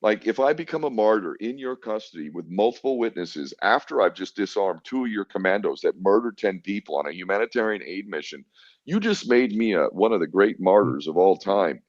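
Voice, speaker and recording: Blunt, profane man with a deep voice. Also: expressive, a little fast, no echo. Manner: blunt, profane, defiant, acts out quoted exchanges. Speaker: podcast guest. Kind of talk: candid storytelling interview. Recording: dull lo-fi dry sound.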